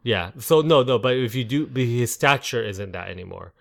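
A man's voice: medium pitch, animated, normal speed, creaky. Rambling man chatting about a movie. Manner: rambling, stumbles on names, laughs at own jokes. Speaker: podcast co-host. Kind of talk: casual movie review chat.

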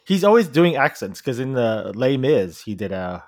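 Halting man hosting a casual podcast. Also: medium pitch, big pitch swings, darkish tone, dry recording, studio quality. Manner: halting, full of filler words and restarts. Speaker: podcast host.

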